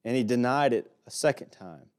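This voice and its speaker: A man's voice: mid-range voice, a little fast, darkish tone, clean tone. A man with an Alabama accent, preaching a sermon and teaching through a Bible passage in a folksy way with small jokes. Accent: Southern US (Alabama).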